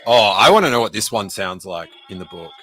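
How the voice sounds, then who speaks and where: A podcast host reading a children's book aloud, jokey and animated, breaking in to do character voices and make asides. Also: male voice, fairly low pitch, fairly quick. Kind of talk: casual read-aloud with commentary.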